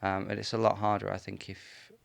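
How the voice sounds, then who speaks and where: An actor being interviewed on live radio in a studio, talking in a measured, explanatory way with frequent ums. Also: male voice, lowish voice, monotone, creaky, no room sound. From Britain. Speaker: actor guest.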